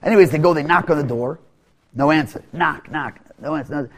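Man, fairly high voice, halting, repeats words, storytelling lesson. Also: fairly bright tone.

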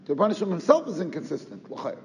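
In a fast, high voice with big pitch swings, a man teaches Torah, rattling off rhetorical questions and mixing in Yiddish and Hebrew vocabulary. The clip is lo-fi and dull, with roomy reverb and faint noise.

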